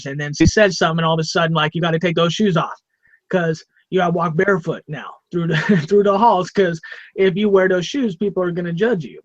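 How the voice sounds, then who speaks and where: A man co-hosting a podcast, telling a rambling, animated story in casual chat and repeating himself. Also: high voice, fairly quick, no echo, highs cut off. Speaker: podcast co-host.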